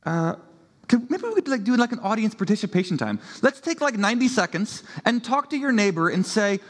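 Playful higher-voiced preacher in reverb. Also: male voice, sing-song, a little fast. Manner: playful, laughing, conversational storytelling. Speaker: pastor. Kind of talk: sermon.

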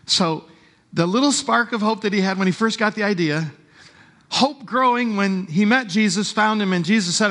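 Animated male pastor preaching a sermon. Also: high voice. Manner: animated storytelling, slowing for emphasis.

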